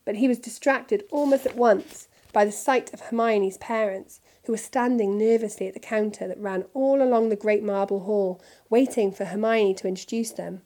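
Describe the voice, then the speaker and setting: A woman's voice: medium pitch, steady tone, normal speed, few pauses, mellow. Woman reading a storybook aloud. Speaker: storybook reader. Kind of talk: reading a children's novel aloud.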